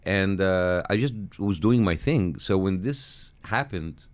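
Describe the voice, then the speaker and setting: Brief: middle-aged male guest, Arabic native speaker, halting and repetitive, fairly low voice. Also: expressive. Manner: halting, repeats words, laughs easily. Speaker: studio guest. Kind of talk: conversational interview. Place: radio studio.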